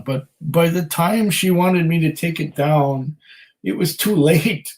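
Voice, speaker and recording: A man's voice: on the high side, a little mellow, low-quality recording. Rambling man chatting on a livestream. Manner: rambling and self-deprecating, with many fillers and laughs. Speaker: whisky channel host. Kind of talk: casual livestream chat reading viewer comments aloud.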